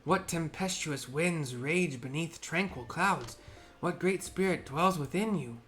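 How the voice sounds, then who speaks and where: A man's voice: a little high, a little slow, fairly bright tone, slight background noise, pitched above the performer's own voice. A man voicing a solemn male bird-man tribal healer in a video game, with a raised, chanting, ceremonial delivery.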